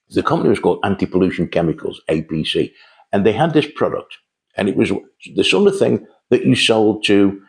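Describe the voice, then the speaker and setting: An older man telling rambling, chatty anecdotes about his early sales days. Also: deep voice. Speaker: host telling sales stories. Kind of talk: casual storytelling monologue.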